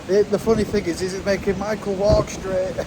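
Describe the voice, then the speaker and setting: A man's voice: high-pitched, flat delivery, a little fast, noisy background. A man casually vlogging outdoors as a monster truck driver, chatty and wryly self-mocking, recorded on a handheld camera. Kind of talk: casual travel vlog. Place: outdoors at a show site and on a ferry.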